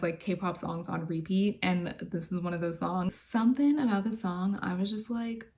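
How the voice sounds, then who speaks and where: A woman's voice: mid-range voice, a little mellow. A woman vlogger chatting casually from her bedroom, gushing and laughing often as she talks. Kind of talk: casual chat.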